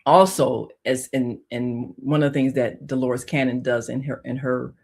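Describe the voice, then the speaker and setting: Brief: female radio host, deep voice, heartfelt spiritual storytelling, shifts from hushed to loud. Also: steady tone, normal speed, husky. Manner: emotional, swings from hushed to loud; conversational, many "you know" fillers. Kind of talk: personal storytelling on spiritual topics.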